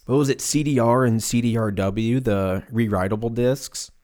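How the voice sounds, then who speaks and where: Recorded in a room at home with the windows open, a man in his twenties rambles on his own podcast, swearing freely and shifting into silly, exaggerated voices. He speaks at a moderate pace in a mid-range, slightly mellow voice.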